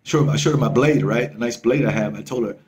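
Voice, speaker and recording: A male travel vlogger telling a story to camera in a casual, excitable way, swearing freely and repeating himself. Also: mid-range voice, fast talker, slight background noise.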